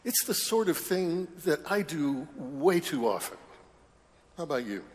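Priest giving a homily, unhurried and mid-pitched, dry humor, long reverb of a church hall. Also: male voice, very animated. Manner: conversational, wry humorous asides. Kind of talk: sermon.

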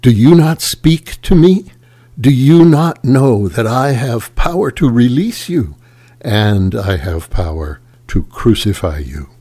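A man's voice: medium pitch, expressive, slow pace, hardly any pauses, dark tone, breathy edge. A man reading the lines of a stern, uneasy male Roman governor, raising his voice to question insistently. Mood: demanding.

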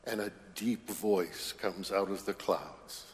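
Priest giving a homily, unhurried and mid-pitched, dry humor, long reverb of a church hall. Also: male voice. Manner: conversational, wry humorous asides. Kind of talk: sermon.

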